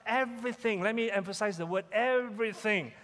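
High-voiced Malaysian pastor preaching in a hall. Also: male voice, expressive, normal speed, fairly bright tone. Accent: Malaysian English. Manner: emphatic, repeats key questions. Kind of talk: sermon. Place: church sanctuary.

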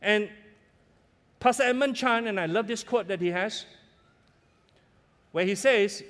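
A middle-aged man preaches from the pulpit, his voice sitting a little high. He tells stories earnestly and builds to strong, emphatic peaks. His words ring out into a church hall with a long reverb. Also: unhurried, long pauses, fairly bright tone. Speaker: pastor. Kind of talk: sermon. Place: church sanctuary.

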